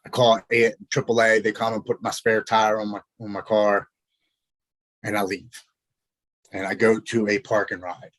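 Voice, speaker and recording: A man, a podcast guest, telling his own story in an earnest, halting way, often repeating words as he goes. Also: on the low side, level tone, a bit bright, no room sound, low-quality recording. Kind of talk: personal storytelling.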